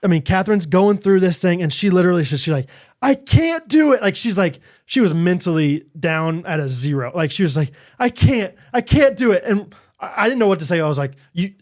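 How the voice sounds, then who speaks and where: Animated higher-voiced man telling a story. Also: brisk. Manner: animated storytelling, acting out quotes with big pitch jumps and laughs. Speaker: podcast co-host. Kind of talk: casual chat.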